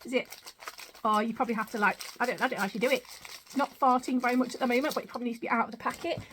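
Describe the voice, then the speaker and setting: A woman in her thirties, chatting excitedly as she unboxes parcels on her vlog and counts the items out loud. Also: a little high, rapid-fire, slight background noise. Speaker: vlogger.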